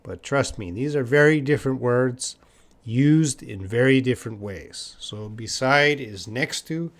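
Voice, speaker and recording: A man's voice: medium pitch, a little slow. A Canadian man teaching English in a live online lesson, answering viewers' questions and repeating key words for learners. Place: living in Korea.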